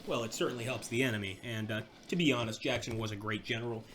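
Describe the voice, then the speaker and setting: In this let's play commentary, a young man speaks fast in a mid-range voice, bright and pushed forward with a Southern American drawl. He describes a strategy-game battle as it unfolds and eagerly roots for his units, while a faint ambient hum lingers in the background.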